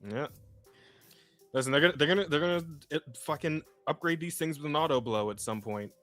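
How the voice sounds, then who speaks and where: A man's voice: on the high side, fairly quick, fairly bright tone, faint music behind. A man co-hosting a podcast, chatting casually and profanely as he reacts to videos, often laughing. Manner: profane, laughing, loose rambling. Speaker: podcast co-host.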